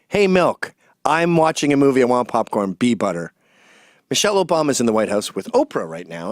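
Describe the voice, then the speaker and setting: A man's voice: medium pitch, very animated, a little fast, dry recording. Snarky guy ranting through his commentary, voice all over the place, dry room sound. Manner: sarcastic, mocking, ranting. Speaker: host and commentator. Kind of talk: comedic rant commentary.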